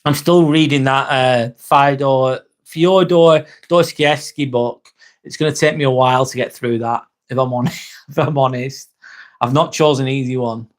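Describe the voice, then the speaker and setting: A man's voice: mid-range voice, moderate pace. A man with an English accent, casually chatting on a livestream and answering viewer comments by name, swearing freely. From England. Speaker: live streamer.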